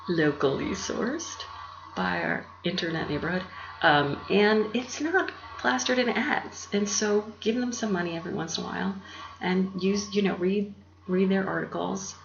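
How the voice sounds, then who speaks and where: Gravelly woman rambling softly at home. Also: medium pitch, measured pace, soft background music. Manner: meandering, loses her thread, laughs often. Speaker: YouTube channel host. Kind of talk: rambling casual monologue. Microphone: laptop mic. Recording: roomy, dull lo-fi with faint hum.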